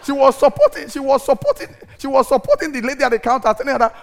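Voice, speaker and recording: Animated, gravelly-voiced male preacher. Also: very high voice, fast, hardly any pauses, a little hiss or hum. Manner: animated, laughing storyteller who acts out his anger. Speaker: pastor. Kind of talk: sermon with comic storytelling.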